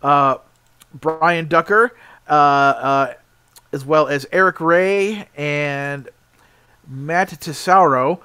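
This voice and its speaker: A man's voice: on the high side, very slow, sharp tone, smooth. A man co-hosting a casual podcast, chatty and rambling, sleepy and yawning. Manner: rambling, chatty, filler-heavy. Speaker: podcast co-host.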